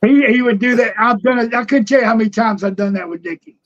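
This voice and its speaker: A man's voice: extremely high pitch, fast, dull audio. An older man, a former wrestler telling road stories on a podcast, laughing often and acting out the people he quotes. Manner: laughing raconteur, acts out quotes. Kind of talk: casual storytelling.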